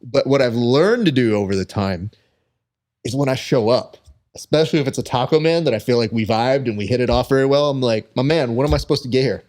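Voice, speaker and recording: A young man hosting a relaxed podcast chat, with a voice of ordinary middle pitch. He tells stories with lots of energy and jumps into the voices of the people he quotes. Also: a little fast. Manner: animated storyteller who acts out quoted people. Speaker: podcast host. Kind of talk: casual chat.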